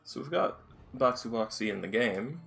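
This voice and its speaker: A man's voice: mid-range voice, animated, normal speed, vocal fry, fairly bright tone. A man chatting casually as game master before a tabletop game session, laughing often. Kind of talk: casual pre-session chat.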